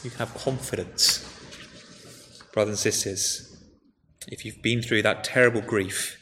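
A man's voice: fairly low pitch, unhurried. Male preacher, chatty sermon delivery, recorded in a reverberant church hall with faint background noise. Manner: conversational, animated retelling with frequent restarts.

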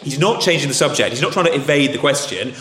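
A man's voice: medium pitch, animated, quick pace, bright, forceful tone. A man with a posh English accent preaching a sermon in a conversational way, often restarting and saying "okay". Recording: echoey hall.

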